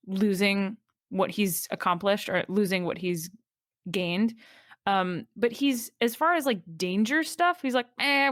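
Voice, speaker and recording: A woman's voice: medium pitch, no echo, clean studio sound. Enthusiastic woman chatting as a guest. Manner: enthusiastic, rambling with many fillers. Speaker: podcast guest. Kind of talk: casual chat.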